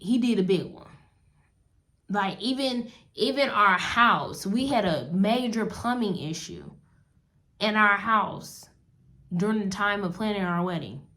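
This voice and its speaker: A woman telling viewers about her wedding in a casual testimony vlog. She talks straight to them in an animated way. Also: medium pitch. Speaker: wedding advice vlogger.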